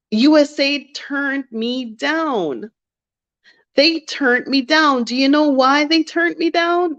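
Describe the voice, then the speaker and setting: A woman talks slowly and candidly about her own setbacks, circling back on key phrases to drive them home. Her voice sits a little high. The recording is muffled and lo-fi. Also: a bit bright. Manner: candid, reflective, repeats phrases for emphasis. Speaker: vlogger. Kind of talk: personal storytelling to camera. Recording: dull lo-fi recording.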